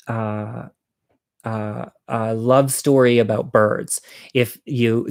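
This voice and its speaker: A man recounts a personal story in an easygoing, foul-mouthed manner, slipping into quoted dialogue as he goes. His voice sits at an ordinary middle pitch. The recording is dry and close, with no room sound. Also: darkish tone, no echo. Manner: casual, profane, acts out quoted dialogue. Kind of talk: personal story told to an audience.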